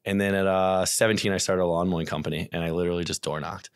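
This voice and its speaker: Deep-voiced Midwestern man telling stories. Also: fast, smooth, no echo, clean studio sound. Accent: American Midwest. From St. Louis area, USA. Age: 30s. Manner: chatty storyteller, animated, acts out quotes. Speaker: podcast guest, real estate investor. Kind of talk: casual podcast interview.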